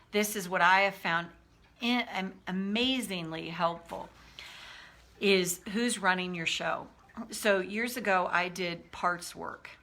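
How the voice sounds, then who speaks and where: A woman talking casually to her viewers as a coach, animated, acting out inner voices as she explains. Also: fairly low pitch. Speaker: life coach. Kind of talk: casual teaching talk to viewers.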